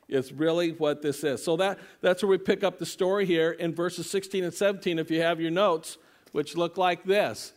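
A man's voice: a little high, fairly even intonation, moderate pace. A man preaching a sermon in a conversational way, often repeating words and restarting sentences. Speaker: pastor.

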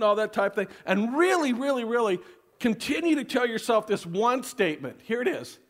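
High-voiced sarcastic male pastor. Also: fairly quick. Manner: sarcastic, mock advice with frequent laughs; animated, emphatic delivery. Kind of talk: sermon.

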